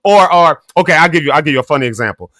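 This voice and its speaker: A man hosting a morning talk show, telling family stories in a lively way and laughing often. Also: fairly high pitch, rapid-fire, no room sound. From Illinois, United States. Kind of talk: casual storytelling chat.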